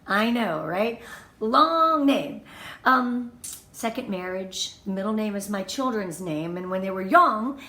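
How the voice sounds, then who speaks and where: Speaking slowly in a medium-pitched voice, a woman in her fifties from Southern California gives a motivational talk as a team leader on a live video stream. She comes across as bubbly, effusive, emotional, and lively. The room has a noticeable echo.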